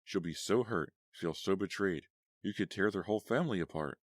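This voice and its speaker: An indignant teenage girl, put on by a deep-voiced male narrator, sharp and accusing. Her voice is pushed a bit higher than his own, and the recording is close and dry. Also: fairly quick, no echo.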